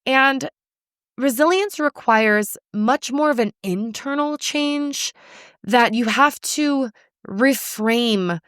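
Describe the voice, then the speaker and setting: Blunt, animated woman podcaster. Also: high voice, slow pace, smooth, no echo, clean studio sound. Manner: blunt, animated, casual swearing. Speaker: podcast host, nutrition coach. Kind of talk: solo podcast monologue.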